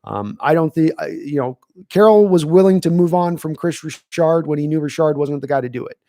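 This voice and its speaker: A man's voice: a little high, animated, a little fast, mellow, no echo, clean studio sound. A man hosting a live sports stream, chatting casually and answering viewers' questions from the chat as he thinks aloud. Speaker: podcast host reading live chat.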